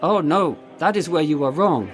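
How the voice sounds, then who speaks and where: A man's voice: a little high, normal speed, soft background music, voice pushed up, lightly acted. A man voicing a formal, persuasive German man in a storytelling reading, with a German accent. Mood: confident.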